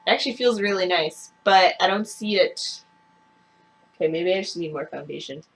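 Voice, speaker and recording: A woman's voice: fairly low pitch, normal speed, a bit bright. A young woman vlogging a makeup review, talking casually and bluntly, swearing and ranting. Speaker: beauty vlogger.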